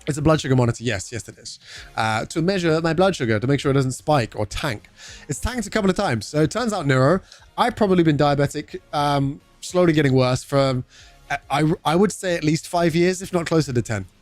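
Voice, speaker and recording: A man's voice: fairly high pitch, brisk, no room sound, faint music behind. Chatty British man streaming live. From United Kingdom. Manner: chatty, swears, greets viewers by name. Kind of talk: casual live-stream chat.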